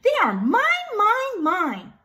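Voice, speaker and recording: A woman voicing a selfish, grumpy male pug dog who shouts possessively in a storybook reading. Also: very high voice, wildly swooping pitch, takes it slowly, voice pushed up, heavily acted. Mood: greedy shouting.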